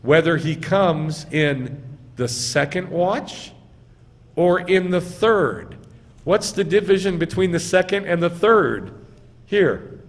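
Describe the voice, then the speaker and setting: Preaching slowly in a synagogue sanctuary, a rabbi uses a lively, swinging pitch and stresses key words hard. He quizzes the congregation and supplies the answers himself in his teaching sermon, his voice ringing with long reverb in the hall.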